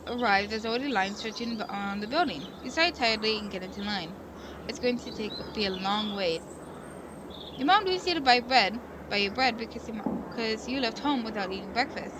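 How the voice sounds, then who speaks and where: A woman's voice: on the high side, noisy background. A woman streaming a visual novel, reading the narration aloud and breaking off into earnest, rambling commentary with many self-corrections. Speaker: game streamer. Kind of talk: casual let's-play commentary and narration.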